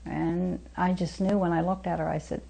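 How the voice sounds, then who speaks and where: In a documentary interview, an older woman recounts her life as a foster mother in a homespun way, acting out dialogue and using folksy grammar. Her fairly low voice is gravelly and warm, with little pitch movement and a normal speed. The low-quality recording has music under her voice.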